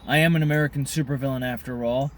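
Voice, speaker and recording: A man ranting in a profane monologue to camera, smoking a cigar as he talks, swinging between loud outbursts and muttered asides. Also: mid-range voice, fairly even intonation, fast, a little hiss or hum. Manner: smoking a cigar while talking. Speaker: vlogger.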